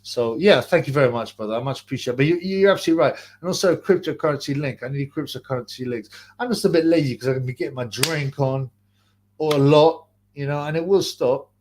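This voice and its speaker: A man's voice: mid-range voice, fast, a little mellow, slight background noise. A young man hosting a live stream, chatting casually, rambling in slang and thanking donors. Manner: rambling and slangy, laughs often, trails off into mumbles. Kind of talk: casual live-stream chat reading donations and questions.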